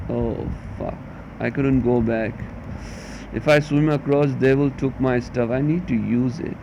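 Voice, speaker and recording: A man's voice: mid-range voice, fairly even intonation, measured pace, creaky. A man doing let's play commentary of a text game, reading it aloud while swearing and grumbling, in a muffled recording with a faint hum. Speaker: gamer.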